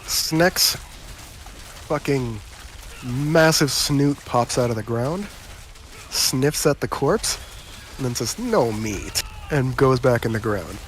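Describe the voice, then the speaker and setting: A man narrating a tabletop game as game master, slow and deliberate, with faint hiss behind. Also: mid-range voice.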